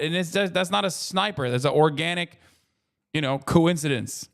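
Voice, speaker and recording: Man in his 30s, reaction streamer, slightly high voice, loose profane ramble. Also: fairly quick, creaky, clear, resonant tone. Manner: profane, rambling, animated asides. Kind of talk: casual stream chat.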